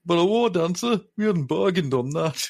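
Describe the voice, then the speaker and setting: A man's voice: sits high, expressive, normal speed, gravelly, a little mellow, voice pushed up, full character voice. A man voicing a boastful, brutish male chaos champion in a raised, blustering delivery.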